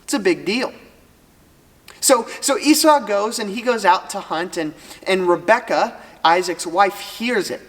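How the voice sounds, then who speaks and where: A teacher retelling a Bible story to students in a casual, lively way with joking asides. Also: medium pitch, measured pace. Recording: long hall reverb.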